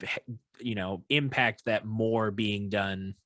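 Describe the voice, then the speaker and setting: A man's voice: on the low side, steady tone, slow, a bit bright, no room sound. Reflective male podcast host. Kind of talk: casual chat.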